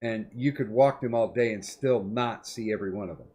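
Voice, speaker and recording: A man's voice: lowish voice, brisk, a little mellow, breathy edge. A middle-aged man hosting a podcast, telling long rambling stories in casual chat, swearing often. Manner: profane, rambling storyteller. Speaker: podcast host.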